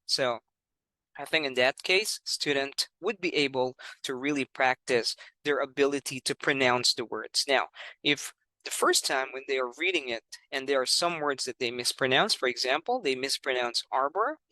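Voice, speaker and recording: A man's voice: mid-range voice, moderate pace, pushed and bright, dry recording, low-quality recording. A man explaining how he teaches English, speaking patiently and often saying "all right" and "you know".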